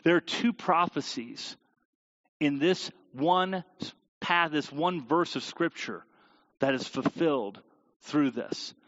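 A man preaching a sermon and reading scripture aloud, animated and sometimes tripping over hard names. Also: fairly high pitch, takes it slowly. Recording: dull audio with long hall reverb.

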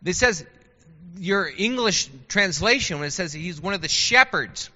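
High, bright-voiced man teaching Bible class. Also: unhurried. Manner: chatty, animated, asks the class questions. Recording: dull lo-fi sound with long hall reverb.

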